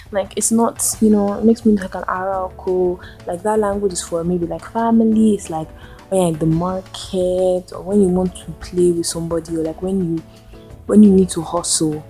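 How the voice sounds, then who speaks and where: A woman's voice: on the low side, mellow. A young Nigerian woman hosting a solo podcast, ranting and firing off exasperated rhetorical questions in a Nigerian accent. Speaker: podcast host.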